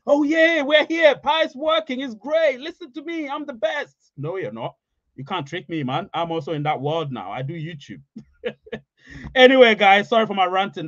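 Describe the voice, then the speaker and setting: Livestream host, man, higher-pitched, emphatic and repetitive; dry, slightly dull mic sound. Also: no room sound. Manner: emphatic, repeats phrases for emphasis. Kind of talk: casual live chat, reading comments.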